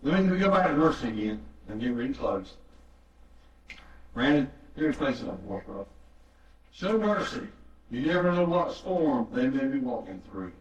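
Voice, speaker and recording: A man's voice: mid-range voice, very animated, normal speed, pauses often. A man preaching a sermon, telling a story in earnest and repeating phrases for emphasis. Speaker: pastor. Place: church sanctuary. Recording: echoey, distant, dull church recording.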